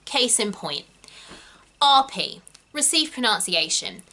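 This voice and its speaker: Woman, young adult, from England, acting tutorial, chatty, emphatic, bright voice. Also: a little high, sing-song. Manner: chatty, emphatic, quick asides. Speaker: acting coach. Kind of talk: talking-head tutorial.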